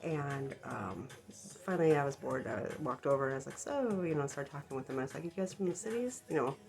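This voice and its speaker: A woman's voice: rumbling low, fast talker, vocal fry, a little mellow. A woman vlogger telling a story in casual, rambling style, full of ums and likes, sheepish about her own part in it. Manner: self-deprecating, embarrassed about the story. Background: background music.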